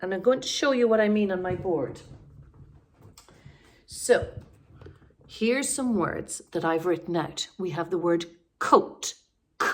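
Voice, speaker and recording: Slow, patient Irish woman teacher. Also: lowish voice, animated. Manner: slow, clear sounding-out of letters for small children. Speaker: primary school teacher. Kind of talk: remote phonics lesson for young children.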